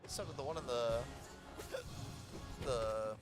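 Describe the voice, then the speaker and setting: A young man chatting casually over a gameplay video, excitable, swearing and laughing often. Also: mid-range voice, takes it slowly, over music. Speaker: co-host watching a gameplay playthrough. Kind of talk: casual gaming chat.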